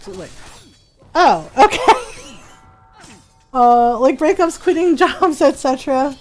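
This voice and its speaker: A woman's voice: high-pitched, lively intonation, measured pace, darkish tone. A woman streaming a video game, chatting casually, laughing often and acting out characters in playful voices. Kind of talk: casual gameplay commentary.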